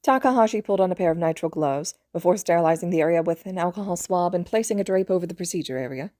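A woman reading fan fiction aloud as an audiobook narrator, in a steady, even delivery. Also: fairly low pitch, very fast, hardly any pauses, no room sound, studio quality. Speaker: podfic reader.

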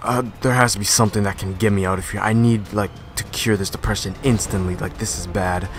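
Excitable young man, slangy gaming commentary. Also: lowish voice, a little fast, soft background music. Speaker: gaming YouTuber. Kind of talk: energetic gameplay commentary.

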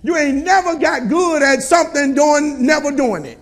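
Preacher, male, very high voice, preaching cadence, folksy and punchy. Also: animated, normal speed. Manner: call-and-response preaching, colloquial, rising to shouts. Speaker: pastor. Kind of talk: sermon.

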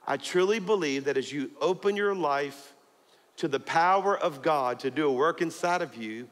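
A man preaching a sermon as pastor, telling a story with jokes and laughter and building to emphatic high points. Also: moderate pace, big-room sound. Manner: storytelling, joking, rising to emphatic peaks. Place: church auditorium.

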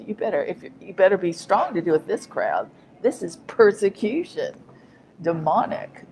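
A woman's voice: lowish voice, dark tone, a little hiss or hum, poor audio. A middle-aged woman minister giving an informal, rambling teaching monologue, repeating phrases for emphasis. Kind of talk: informal online preaching monologue.

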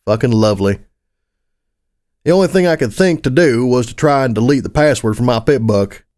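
A man narrates a first-person story in a gritty, expressive way, with casual swearing thrown in. His voice sits at an ordinary, mid-range pitch. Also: fairly quick. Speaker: audiobook narrator.

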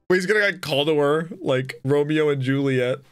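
A young adult hosting an anime reaction video, talking loudly, exclaiming and swearing often. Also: mid-range voice, a little slow, faint music behind. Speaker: anime reaction channel host. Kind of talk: excited reaction commentary.

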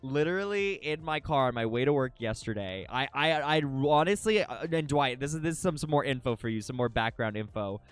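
A man's voice: medium pitch, lively intonation, fairly quick, few pauses, smooth, faint music behind. A young man streaming live, chatting to viewers in a rambling, emotional way, swearing often and restarting his sentences. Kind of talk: casual chat with stream viewers.

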